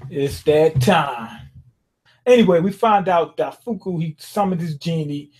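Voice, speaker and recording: High-voiced man recapping manga casually. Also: a little slow, a little mellow. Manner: rambling, slangy, acts out quotes in character. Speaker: manga reviewer.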